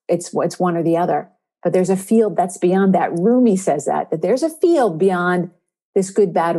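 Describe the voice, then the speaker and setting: A woman hosting a spiritual coaching podcast, speaking in an encouraging way and slowing down to stress key words. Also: lowish voice, darkish tone. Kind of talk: inspirational podcast talk.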